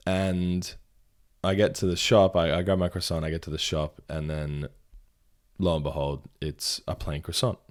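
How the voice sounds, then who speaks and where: A man's voice: low-pitched, darkish tone. A young man talking casually in a solo audio journal, rambling and swearing freely. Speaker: podcast host.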